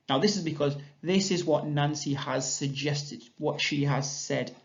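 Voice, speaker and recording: A man with an English accent, a primary school teacher giving a recorded grammar lesson, explaining patiently and clearly. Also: fairly high pitch, unhurried, few pauses, fairly bright tone. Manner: clear, patient explanation, reading examples aloud with lifted voice. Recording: dull lo-fi sound.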